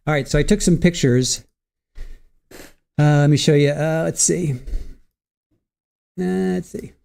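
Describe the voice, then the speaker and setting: A chatty middle-aged man hosts a live online show, reading out viewer names and laughing easily. His voice sits a little high for a man, with a warm, mellow tone. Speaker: livestream host. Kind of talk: casual livestream chat.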